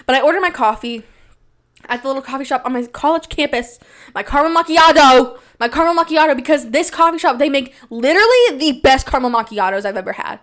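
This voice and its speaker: A young woman with a slightly high voice tells stories on her podcast in a loose, casual monologue. She rambles and pokes fun at herself, and her pitch leaps when she quotes someone. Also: animated, fast talker. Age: young adult. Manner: self-deprecating, rambling, with big jumps in pitch when quoting. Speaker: podcast host.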